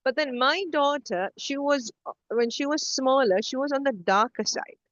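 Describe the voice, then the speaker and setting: A middle-aged woman co-hosting a podcast, telling stories in a casual, animated way with many restarts. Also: sits high, moderate pace, no room sound, muffled recording. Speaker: podcast co-host. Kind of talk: casual conversation.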